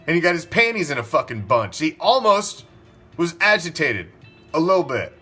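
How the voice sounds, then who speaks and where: Male sports podcast host, higher voice, profane, peppers rhetorical questions. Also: very animated, moderate pace, bright, forceful tone, husky, soft background music. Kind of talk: opinionated sports talk.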